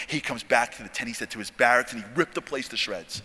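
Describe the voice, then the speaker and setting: A man telling a story at a convention, animated and acting out the dialogue. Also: mid-range voice, fast talker, breathy edge. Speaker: convention speaker. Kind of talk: dramatic storytelling talk. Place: large convention hall. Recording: long hall reverb.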